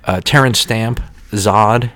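A man telling casual, profane stories with lots of laughter in an animated, swearing manner. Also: fairly low pitch, takes it slowly, no echo.

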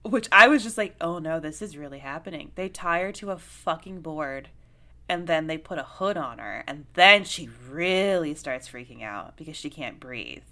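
A young woman co-hosting a casual talk about a film, her voice sitting low yet sounding bright and forceful. She rambles in an animated way, filling gaps with "like" and the odd curse. The tone is loose and conversational. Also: normal speed. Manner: animated, heavy on "like" fillers, swears freely. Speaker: podcast co-host.

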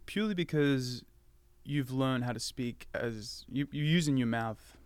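A man's voice: mid-range voice, unhurried, clean tone, dry recording. A man with an Australian accent, chatting as a guest on a podcast and dropping into playful impressions. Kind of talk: casual podcast conversation.

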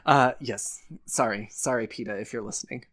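A man's voice: medium pitch, fairly even intonation, moderate pace, a crowd in the background. A man co-hosting a casual podcast chat, explaining things and often breaking into laughter. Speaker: podcast co-host.

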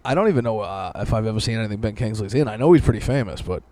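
Brief: thirties male co-host, quick low delivery, crude and self-mocking. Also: expressive, warm tone, dry recording. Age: 30s. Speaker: podcast co-host. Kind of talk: casual crude banter.

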